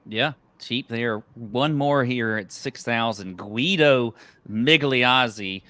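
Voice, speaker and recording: A man's voice: medium pitch, slow, bright, forceful tone, dry recording. A man co-hosting a golf betting podcast, talking in a loose, rambling, chatty way. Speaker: podcast co-host. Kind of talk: casual golf betting chat.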